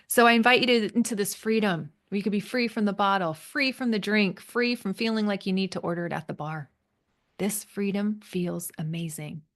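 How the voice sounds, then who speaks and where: A woman's voice: medium pitch, steady tone, moderate pace. A middle-aged woman speaking as a coach in a motivational monologue, earnest and encouraging, dwelling on repeated words. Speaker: alcohol coach and podcast host.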